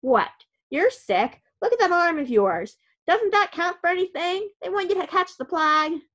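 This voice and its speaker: A woman voicing a loud, complaining old grandfather who is a war veteran, read aloud from a storybook. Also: sits high, expressive, normal speed, highs cut off. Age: older.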